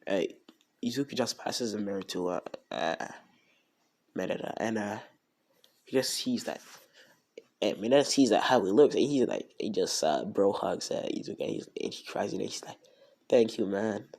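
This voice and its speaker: A man's voice: fairly low pitch, expressive, moderate pace, vocal fry, a little mellow. A man casually retelling an improvised fan story, rambling with lots of fillers and slang.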